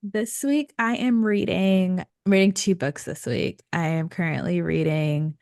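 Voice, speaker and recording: Slow, gravelly-voiced woman podcaster. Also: on the low side, a little mellow, no room sound, studio quality. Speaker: podcast co-host. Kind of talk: casual book chat.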